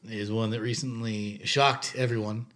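A man co-hosting a podcast, chatting in a relaxed, anecdotal way. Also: on the low side, moderate pace. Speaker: podcast co-host. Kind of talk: casual chat.

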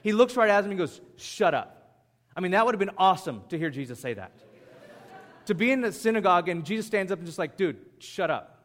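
A man preaching a sermon as pastor, in an animated, conversational way. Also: high-pitched, fast.

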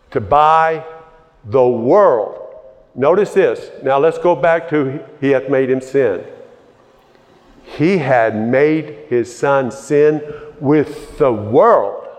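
A man preaching a sermon, conversational at first and building to emphatic high points. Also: drawn-out words. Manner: conversational, rising to emphatic peaks. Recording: long reverb of a large hall.

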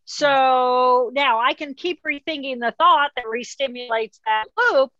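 Woman guest, clear bright explainer, acts out thoughts in quotes. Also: sits high, measured pace, no room sound, highs cut off. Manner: explains calmly, acts out inner voices in quotes. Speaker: author and neuroscientist guest. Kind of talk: interview conversation.

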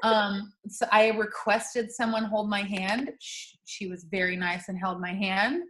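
A woman's voice: mid-range voice, a little slow, echoey room, a little hiss or hum. A woman telling a personal story in casual chat, laughing and acting out what people said. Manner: animated, laughing storytelling with voiced quotes.

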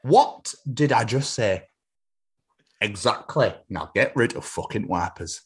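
A man's voice: lowish voice, animated, takes it slowly, breathy edge, heavily acted. A man voicing a bossy, swearing northern man with a Yorkshire accent, impatient and pushy with his orders.

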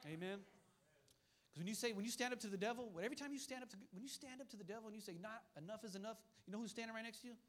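A male pastor preaches a fiery sermon in a high-pitched, rapid-fire voice with a fairly bright tone. He hammers his points through repetition and calls out to the congregation in call-and-response asides.

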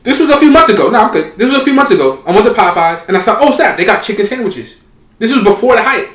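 A man co-hosting a podcast, telling stories in animated rants during casual chat. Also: high-pitched, very fast. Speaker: podcast co-host. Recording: roomy echo.

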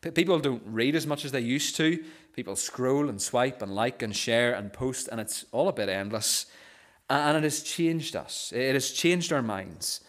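A male pastor preaching a sermon, often stammering on first sounds and dropping softer on key phrases. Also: medium pitch, normal speed.

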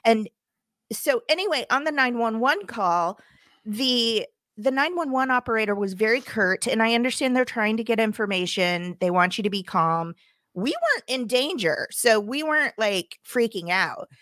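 A woman co-hosting a podcast, telling a story in a lively, indignant way and acting out the dialogue. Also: fairly high pitch, moderate pace, no room sound, clean studio sound. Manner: animated, indignant storyteller who acts out dialogue. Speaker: podcast co-host. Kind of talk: casual chat, storytelling.

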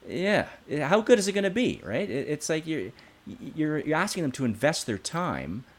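A man chatting as a guest about running live and virtual events, animated and full of restarts and analogies. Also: fairly high pitch, moderate pace. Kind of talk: casual interview chat.

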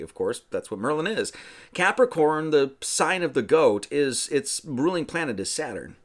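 A man hosting a casual film commentary, rambling, tagging lines with right? and acting out characters' lines. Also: medium pitch. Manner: rambling, keeps asking right?. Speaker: host.

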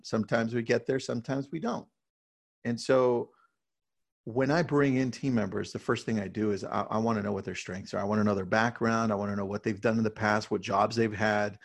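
Speaking casually in an interview, a real estate team leader with a lowish voice and vocal fry tells energetic stories. He keeps tacking "right?" onto his sentences.

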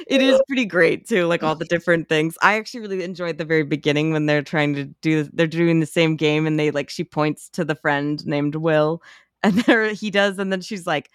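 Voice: medium pitch, normal speed, clean tone, dry recording, studio quality. A podcast co-host in casual movie chat who swears freely and acts out quotes in a jumped-up voice.

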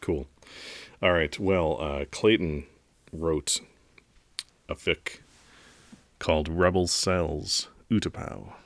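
Laid-back man with a very deep voice. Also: fairly even intonation, takes it slowly, long pauses, dry recording. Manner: laid-back, self-deprecating, chuckles easily. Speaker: podcast host. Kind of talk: casual podcast reading listener fan fiction.

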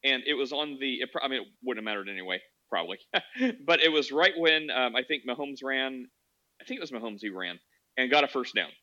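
Bright-voiced man on a dull, lo-fi mic. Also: mid-range voice, animated, brisk. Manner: easygoing, storytelling, with filler words. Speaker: podcast host. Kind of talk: casual chat. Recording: slightly dull, lo-fi sound.

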